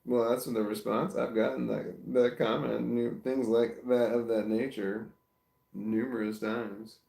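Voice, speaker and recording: A man's voice: mid-range voice, flat delivery, measured pace, gravelly. A man talking casually and self-reflectively to his camera, rambling, trailing off and restarting his sentences. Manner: soft baby-talk to his dog. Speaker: vlogger. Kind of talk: casual personal vlog. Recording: roomy echo.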